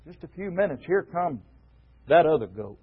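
A man's voice: fairly high pitch, big pitch swings, moderate pace, husky. A man preaching a fervent, emphatic sermon to a group of men. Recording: dull lo-fi recording.

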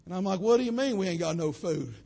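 Young male pastor, husky and raspy, fiery preaching cadence. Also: animated, fast talker. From western North Carolina. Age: young adult. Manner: preaching cadence, swelling to shouts then dropping low. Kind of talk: sermon.

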